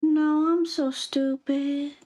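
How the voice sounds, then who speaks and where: A woman's voice: high voice, level tone, slow pace, warm tone, voice pushed up. A woman voicing an insecure schoolgirl who whines and fishes for compliments in a skit. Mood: fishing, needy. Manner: whiny, self-deprecating.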